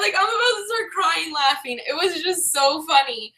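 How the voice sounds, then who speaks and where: A woman's voice: extremely high pitch, expressive, moderate pace, hardly any pauses, pushed and bright, echoey room. A woman vlogger telling a story in a casual, chatty way, filling her talk with "like" and often breaking into laughter.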